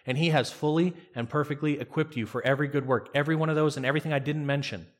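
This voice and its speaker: A man's voice: a little high, steady tone, racing. A male pastor preaching an earnest sermon who acts out quoted dialogue as he goes.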